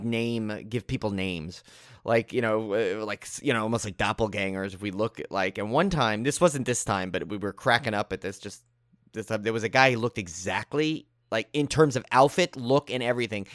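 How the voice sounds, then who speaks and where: A man's voice: on the low side, no room sound, studio quality. Man animatedly telling a story. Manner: animated anecdote-telling, acts out quoted people. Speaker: podcast co-host. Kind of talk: casual storytelling chat.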